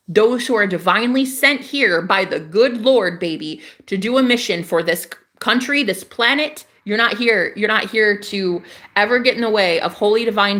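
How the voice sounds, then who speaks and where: A woman's voice: mid-range voice, fairly bright tone. A young adult woman ranting in a casual spiritual vlog, fiery and emphatic, swearing freely and repeating herself for emphasis. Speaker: spiritual vlogger.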